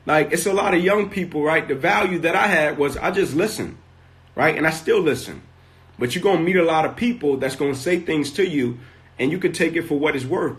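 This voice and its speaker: A man, a motivational speaker, telling a personal story on a live stream from his phone, tagging almost every sentence with "right?" and building in intensity as he goes. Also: a little high.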